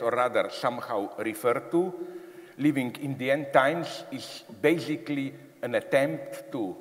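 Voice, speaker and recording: A man giving a public lecture, emphatic and animated, with frequent fillers and restarts. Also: medium pitch. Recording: long hall reverb.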